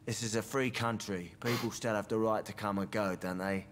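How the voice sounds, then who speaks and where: Game role: a bitter, deep-voiced drunk who mocks everything, voiced by a man. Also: fairly even intonation, brisk, background noise, lightly acted. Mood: sardonic. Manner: sardonic, world-weary. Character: male drunk bar patron, cynical and sour.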